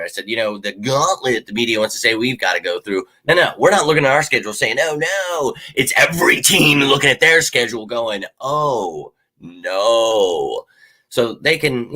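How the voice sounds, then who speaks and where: A man in his thirties hosts a live fan Q&A from his home office, chatting in a loose, rambling way. His voice is bright and edgy. He swears offhandedly and keeps calling viewers "man" and "dude.". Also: medium pitch. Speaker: sports show host. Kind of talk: casual live Q&A chat.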